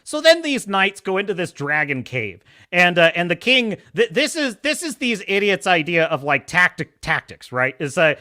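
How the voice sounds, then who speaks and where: A man's voice: high voice, very animated, normal speed, hardly any pauses, bright, forceful tone. A man hosting a live show, mockingly reviewing a film with frequent laughter and acted-out scenes. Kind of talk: sarcastic film review rant.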